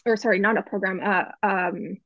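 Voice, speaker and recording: A woman hosts a podcast and talks earnestly, stopping to restart and fix her words. The sound is dry and a bit dull, with no room echo. Her voice sits in a middle pitch. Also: steady tone, normal speed, fairly bright tone. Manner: earnest, restarts and self-corrects. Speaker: podcast host. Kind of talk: casual podcast chat.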